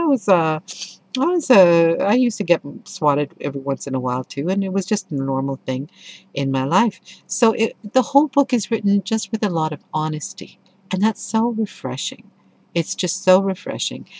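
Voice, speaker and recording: A middle-aged woman giving a casual spoken book review, telling stories with enthusiasm and expression. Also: fairly low pitch.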